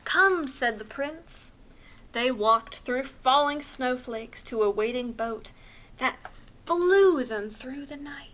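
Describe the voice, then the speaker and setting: A woman reads a picture book aloud for a library storytime in a high, unhurried voice. She is expressive and stops to ask the children questions. The recording sounds a little dull and lo-fi.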